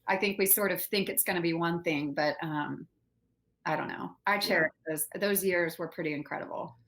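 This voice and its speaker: Chatty woman with a lowish voice. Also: moderate pace, fairly bright tone. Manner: chatty, laughs easily, many fillers. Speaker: podcast guest, former college swimmer. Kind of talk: casual interview chat.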